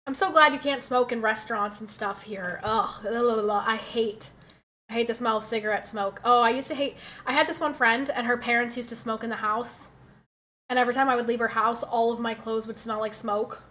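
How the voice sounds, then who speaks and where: A woman's voice: on the high side, fairly even intonation, a little fast, pushed and bright, a little hiss or hum. A young woman with a slight New Jersey accent, streaming and chatting casually with viewers in a blunt, sarcastic way. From United States. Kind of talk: casual chat reading viewer messages.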